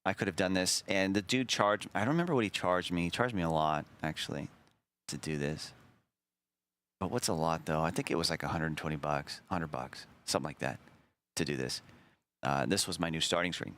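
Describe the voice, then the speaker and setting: A man's voice: low voice, brisk, a bit bright. A man hosting a stream in casual chat, rambling and self-deprecating as he looks back. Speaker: streamer host.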